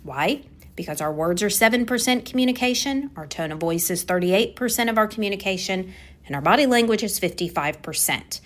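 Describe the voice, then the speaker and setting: A woman's voice: medium pitch, lively intonation, fairly quick. A woman hosting a solo coaching podcast on communication, talking with energy and stressing key words by repeating them.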